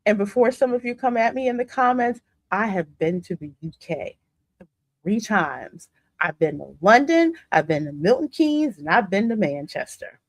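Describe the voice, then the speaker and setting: Southern woman host, sassy reaction chatter, close dry recording, mid-pitched voice. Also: normal speed, no room sound. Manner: sassy, animated, laughing often. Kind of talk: casual reaction commentary.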